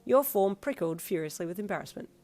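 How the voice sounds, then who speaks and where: A woman's voice: medium pitch, lively intonation, quick pace, warm tone, soft background music. A woman reading a second-person fanfiction story aloud in a playful, informal way. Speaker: fanfiction reader.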